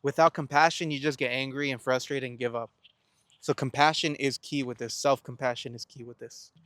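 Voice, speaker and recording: In an earnest self-help talk to camera, a young man reflects aloud, raising rhetorical questions he then answers while stumbling and restarting words. He has a mid-range voice with fairly even intonation and a slightly fast pace, a bit bright in tone, recorded in a clean studio with no echo.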